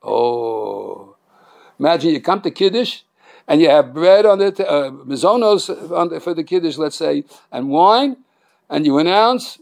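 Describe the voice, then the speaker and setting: High, gravelly-voiced joking rabbi. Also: male voice, measured pace. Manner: joking, animated, many restarts and fillers. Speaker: rabbi teaching a class. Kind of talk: Torah class lecture with humor.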